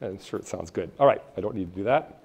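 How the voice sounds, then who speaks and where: A man's voice: deep voice, lively intonation, quick pace, gravelly, a little mellow, husky. Jokey man presenting a live workshop. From Phoenix, Arizona. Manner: jokey, rambling, chats with the audience. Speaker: college financial aid presenter. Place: event room with a live audience. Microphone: handheld or stand mic.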